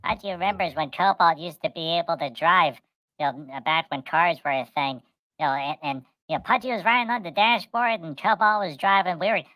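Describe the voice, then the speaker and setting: A middle-aged woman telling a long, rambling story in casual chat. Her voice is fairly low but bright and forward. The sound is dry and close. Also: a little fast, dry recording, poor audio. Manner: rambling, animated, acts out voices. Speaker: co-host.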